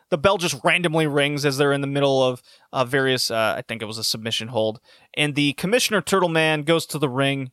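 Bright-voiced sarcastic man reviewing wrestling. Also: fairly high pitch, no echo, studio quality. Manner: sarcastic, opinionated, frequent self-corrections. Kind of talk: casual recap and commentary.

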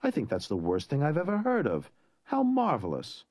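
A man's voice: on the high side, wildly swooping pitch, normal speed, darkish tone, no room sound, clean studio sound. Give me a gloating, sneering nobleman, as a man reads him. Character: cruel, mocking nobleman count, middle-aged.

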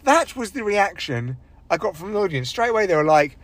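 A young man, a stand-up comic, rambles through a sweary, self-deprecating solo monologue. His voice sits a touch high for a man and sounds dry and close, with no room around it. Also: very animated, brisk, no room sound. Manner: rambling, sweary, self-deprecating, with big vocal swings when acting out others. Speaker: stand-up comedian. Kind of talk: casual solo podcast monologue.

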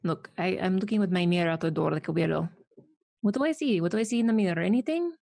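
A woman's voice: on the low side, fast, vocal fry, dark tone. A woman playing in a tabletop game, chatty and cautious, rambling through her ideas. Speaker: player. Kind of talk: casual tabletop play.

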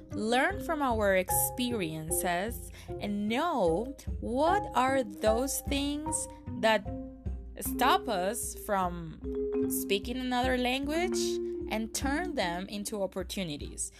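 A woman hosting a podcast, giving an earnest, encouraging monologue with reflective questions. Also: a little high. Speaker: podcast host.

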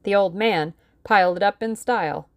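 A woman's voice: medium pitch, normal speed, pitched above the performer's own voice, natural voice. A woman voicing a brash, blunt, wealthy young man.

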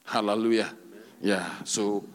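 A man's voice: fairly low pitch, fairly even intonation, measured pace. A man preaching a sermon as a pastor, peppering his teaching with hallelujahs and rhetorical questions to the congregation.

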